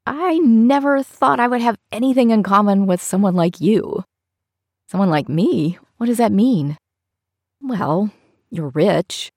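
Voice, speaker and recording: A woman's voice: medium pitch, animated, measured pace, a little mellow, husky, dry recording, studio quality, voice pushed up. A woman voicing a bold, blunt teenage schoolgirl in an audiobook, speaking in frank, casual teen talk.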